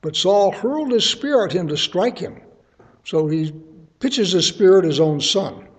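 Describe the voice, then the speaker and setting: Man teaching through scripture, slightly high voice. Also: lively intonation, a little slow. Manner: reads scripture aloud then explains it in casual terms. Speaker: Bible teacher. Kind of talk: verse-by-verse Bible teaching.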